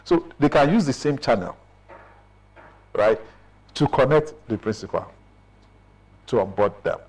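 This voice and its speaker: A man's voice: medium pitch, animated, unhurried, a little mellow, slightly rough, low-quality recording. A middle-aged man with a Nigerian accent, an official explaining procedures in a radio interview and often checking in with "right?". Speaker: official explaining business registration.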